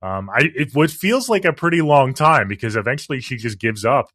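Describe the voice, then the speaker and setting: A man's voice: mid-range voice, a little fast, no room sound, studio quality. A man co-hosting a podcast, chatting casually and with some swearing as he reviews a film and acts out its lines. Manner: relaxed, profane, acts out quotes. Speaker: podcast co-host.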